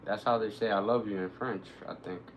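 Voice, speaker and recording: A man streaming live, commenting on his gameplay, who bursts into excited, cursing shouts at the action. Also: fairly low pitch, brisk, slight background noise, low-quality recording. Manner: excitable, swearing, shouting reactions to the game.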